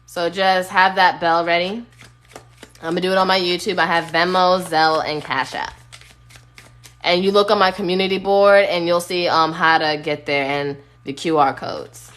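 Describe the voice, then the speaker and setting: A woman's voice: lowish voice, steady tone, moderate pace, fairly bright tone. A woman giving a casual, blunt tarot reading on a phone live stream, sometimes singing bits of songs. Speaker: tarot reader.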